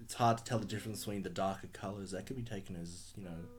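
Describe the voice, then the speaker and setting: A man's voice: sits low, steady tone, quick pace. A man chatting on a casual film podcast. He rambles, restarts his sentences, and slips in playful jokes. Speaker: podcast co-host. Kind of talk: casual podcast chat about films.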